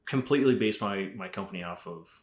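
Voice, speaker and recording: A middle-aged man from Arizona who started a rifle company speaks quickly at a fairly low pitch during a casual podcast chat. He rambles through stories full of swearing and fillers, recorded with roomy echo.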